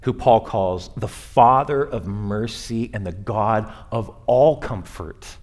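A man preaching a sermon to his church in a conversational way, rising and falling in pitch and loudness as he makes his points. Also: slow, hardly any pauses. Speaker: pastor. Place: church sanctuary.

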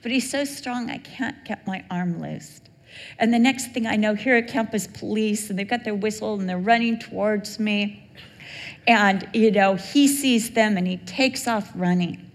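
A woman preaches in a big, echoing church space, her sermon full of lively stories. She acts out the people she talks about, switching voices as she goes. Her pitch sits in a middle range for a woman, and the long reverb carries each phrase out into the hall. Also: unhurried. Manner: animated storytelling, acts out quoted voices. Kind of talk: sermon with storytelling.

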